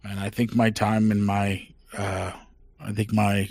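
Halting man playing a tabletop character. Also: on the low side, flat delivery, vocal fry, a little mellow. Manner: halting, many fillers and restarts. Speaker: player. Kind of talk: in-character tabletop role-play.

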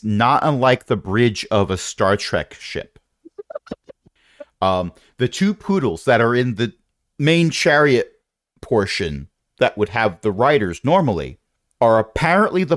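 A man's voice: mid-range voice, no room sound, studio quality. Playful man narrating as game master. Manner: playful, rambling descriptions with asides.

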